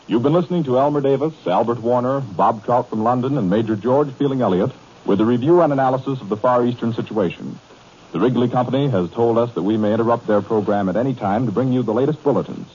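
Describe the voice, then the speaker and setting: A man's voice: mid-range voice, fast talker, darkish tone, breathy edge. A man making formal station announcements on 1940s radio. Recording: muffled 1940s radio broadcast.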